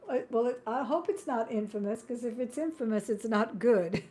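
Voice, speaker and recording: A woman with a slightly high, warm voice runs a jewelry sale on a live stream, announcing buy-now prices with friendly, chatty patter. She frequently laughs and wanders off into small talk.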